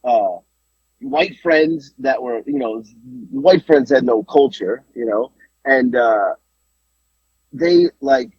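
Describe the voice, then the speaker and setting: A man's voice: medium pitch, takes it slowly, pauses often, breathy edge, no room sound. A man hosting a podcast in casual chat. He tells stories with lots of energy, rambles, and keeps restarting his sentences, on a dull, dry lo-fi recording. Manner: animated rambling storyteller, frequent restarts. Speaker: podcast host.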